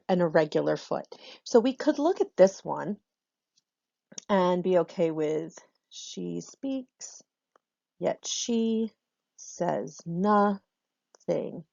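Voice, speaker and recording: Female teacher, low voice with some fry, relaxed explanatory lesson delivery, dull dry recording. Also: no room sound. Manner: relaxed explanatory, frequent ums. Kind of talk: recorded lesson on Shakespeare's meter.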